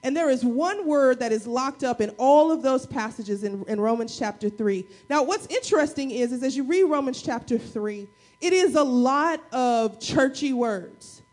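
A woman pastor preaching a sermon to her church, energetic, with call-and-response and playful asides. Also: high-pitched, normal speed. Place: church service.

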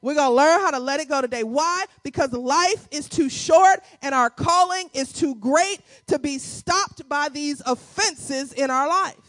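A woman in her forties preaching a sermon, with playful asides and key lines repeated slowly for the congregation. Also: no echo. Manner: playful asides with quick dips into a low, quiet voice. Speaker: pastor.

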